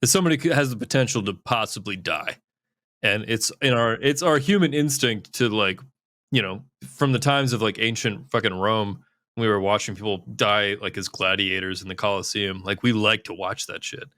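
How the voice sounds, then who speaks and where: A man's voice: on the low side, normal speed, bright, forceful tone, no echo, clean studio sound. A man hosting a podcast, chatting casually in a rambling, profane way with lots of "like". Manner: rambling, profane, heavy use of "like". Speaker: podcast host. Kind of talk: casual chat.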